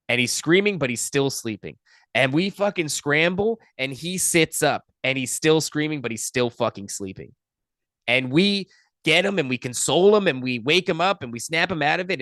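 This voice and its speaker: A young adult man, a podcast guest, telling a personal story in a profane, animated, casual way. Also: mid-range voice, dry recording, clean studio sound.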